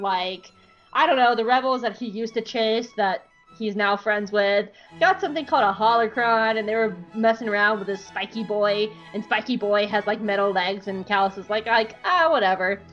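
A woman's voice: fairly high pitch, normal speed, fairly bright tone. A woman podcast host giving a casual, irreverent comedic recap, swearing and acting out quotes. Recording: dull lo-fi, faint music behind.

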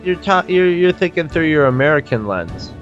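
A podcast cohost making quick, wry comments in casual chat. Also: mid-range voice, sing-song, lo-fi sound, faint music behind.

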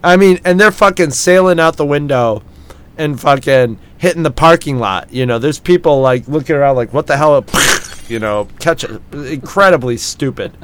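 A man's voice: fairly high pitch, normal speed, smooth. A man casually telling a drunken story on a podcast, swearing often, laughing and acting out what people said.

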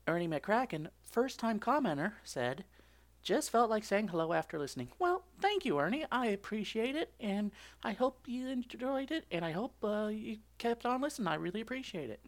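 A man hosting his own podcast alone, chatty and excitable, often laughing. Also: high-pitched, normal speed, few pauses. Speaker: podcast host. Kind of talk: solo podcast chat.

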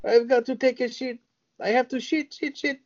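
A man voicing a panicky, rude young female prisoner who whines and repeats her complaints in a high voice. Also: fairly even intonation, normal speed, a little mellow, dull audio. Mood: desperate whining. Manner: shrill, repetitive complaining.

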